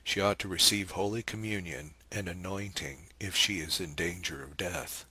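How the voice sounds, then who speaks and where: Man reading a steady, guarded priest. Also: sits low, normal speed, slightly rough, heavily acted. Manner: steady, restrained replies.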